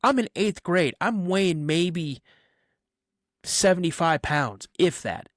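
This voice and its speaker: A man telling a personal story on a podcast in casual chat, animated and acting out the voices in it, with plenty of "you know" fillers. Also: sits high, takes it slowly, dry recording, clean studio sound. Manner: animated, acts out voices in his stories. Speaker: podcast guest.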